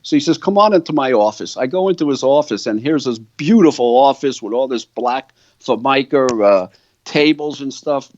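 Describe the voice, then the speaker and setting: An older man tells a long story to an interviewer, slipping into the voices of the people he met. His voice sits in a middle pitch range. The recording is dry and close, with a slightly muffled, dull tone. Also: normal speed, no echo. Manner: animated storyteller, quoting others' words. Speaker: guitar company founder.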